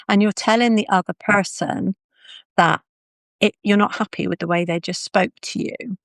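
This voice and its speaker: Low, gravelly woman speaking. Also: normal speed, dry recording. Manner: calm, practical, explaining step by step. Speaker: confidence speaker. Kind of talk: live video talk.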